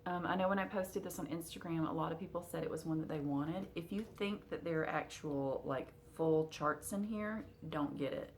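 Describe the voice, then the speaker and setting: A woman with a low voice chats casually to her camera at home, her talk full of fillers. She has the hiccups now and then. Faint noise hums under the recording. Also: normal speed, few pauses. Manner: chatty, with frequent fillers. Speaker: cross-stitch vlogger.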